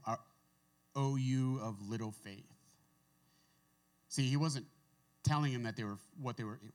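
A man preaching a relaxed, conversational sermon, reading scripture and adding his own asides. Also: medium pitch. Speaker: pastor. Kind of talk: casual sermon.

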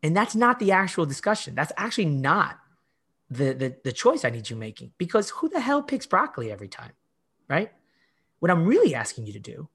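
A middle-aged fitness coach speaks in a fairly high, bright, forceful voice with a breathy edge, very animated and at a moderate pace. He tells stories emphatically in a casual podcast interview, often acting out his past words. He uses "like" frequently and restarts a lot.

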